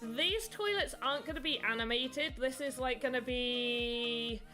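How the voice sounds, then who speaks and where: British woman streamer, slightly high and bright voice, rambling casual chat, faint music underneath. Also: unhurried. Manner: chatty, rambling, reads and answers chat. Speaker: livestreamer making voxel art.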